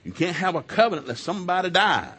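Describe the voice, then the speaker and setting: Man, middle-aged, husky voice, folksy marriage seminar teaching, swings from loud to quiet. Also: high-pitched, very animated, fast. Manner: folksy storytelling, acts out both sides of arguments. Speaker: seminar speaker. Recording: live audio of a seminar talk.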